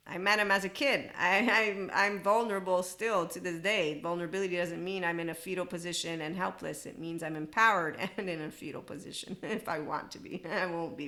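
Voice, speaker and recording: Female podcast host, low-set bright voice, blunt, rambling monologue. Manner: blunt, rambling and self-amused. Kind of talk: spiritual self-help monologue.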